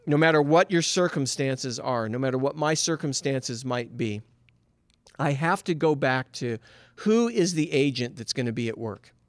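A man's voice: fairly high pitch, dry recording, studio quality. A middle-aged man giving a conversational sermon as a pastor, earnest, with many rhetorical questions. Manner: earnest, asks rhetorical questions, frequent "you know".

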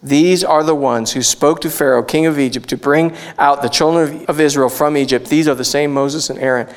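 A middle-aged man preaching a casual, conversational sermon as a pastor, animated and jumping into excited voices when he quotes people. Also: on the high side, brisk, clear, resonant tone.

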